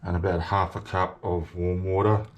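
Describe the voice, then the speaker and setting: A man with a very deep, low voice gives a casual cooking demonstration in his home kitchen. He chats easily and talks through each step as he works. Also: level tone, moderate pace, a little hiss or hum. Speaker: home cooking channel host.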